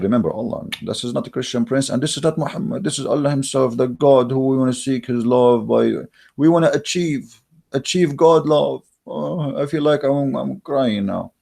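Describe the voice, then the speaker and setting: A man's voice: mid-range voice, creaky, warm tone. A man hosting his channel with a religious debate monologue, speaking in an emphatic, mocking way with frequent hesitations. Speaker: channel host. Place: Germany.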